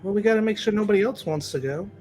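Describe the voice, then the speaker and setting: A man playing a tabletop game, talking in character with stammers and repeated words. His voice is notably high for a man, with faint music in the background. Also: rapid-fire, dark tone. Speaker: player.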